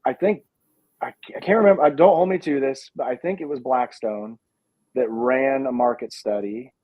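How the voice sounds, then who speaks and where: A man's voice: medium pitch, no echo. A man speaking as the guest on a casual video chat, thoughtful and hedging, with plenty of fillers. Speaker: guest, pizza dough company founder. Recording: dull lo-fi sound.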